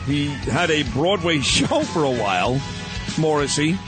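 A man's voice: a little high, sing-song, measured pace, over music. A man with a New York accent hosting a morning radio show, bantering in a brash, boastful, joking way. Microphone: studio microphone.

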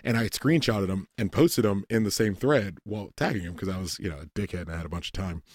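A man's voice: sits low, quick pace, breathy edge, dry recording, studio quality. A man telling a rambling, profane story in casual chat, often quoting people in put-on voices. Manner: rambling storytelling, heavy swearing, animated quoted voices. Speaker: podcast host.

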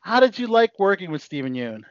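A man hosting an interview, upbeat and quick with questions and reactions. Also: sits high, very animated, no echo, highs cut off. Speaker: interview host. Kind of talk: casual interview chat.

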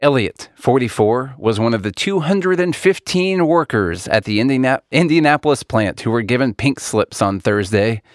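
A male podcast co-host in relaxed political chat who laughs easily and reads news stories aloud to his friends. His voice sits at a middle pitch. The recording is close and dry, with no room sound. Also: moderate pace, hardly any pauses, no echo.

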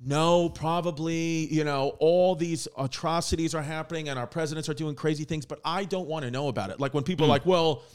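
A man's voice: a little high, fairly even intonation, a little fast, few pauses, clean tone. A man, hosting a podcast in loose casual banter, rambling and joking crudely. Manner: rambling, laughing, crude jokes.

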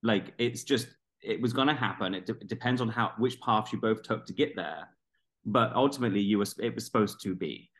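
A man's voice: fairly low pitch, a little fast, fairly bright tone. A man hosting a casual interview, talking in a reflective, rambling way with frequent restarts. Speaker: interview host.

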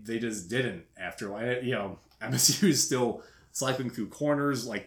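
A man hosting a podcast, telling a story in casual chat and laughing often. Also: medium pitch. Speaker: podcast host. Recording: echoey room.

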